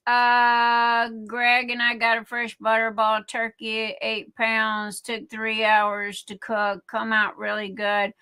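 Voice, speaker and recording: A woman's voice: fairly high pitch, pushed and bright, smooth. A middle-aged woman hosting a livestream, chatting in a rambling way full of fillers and restarts. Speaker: livestream host. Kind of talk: casual chat.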